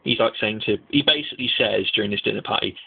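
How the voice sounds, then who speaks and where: Young man, gravelly husky voice, low-ish, tinny lo-fi sound, rambling casual review. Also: quick pace. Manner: rambling, excitable, swears freely. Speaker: anime reviewer. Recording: tinny lo-fi mic.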